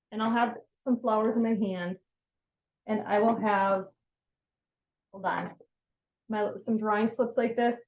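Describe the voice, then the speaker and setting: A woman's voice: medium pitch, echoey room, lo-fi sound. A woman giving a casual, upbeat how-to talk on sales and networking, full of filler words. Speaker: sales trainer.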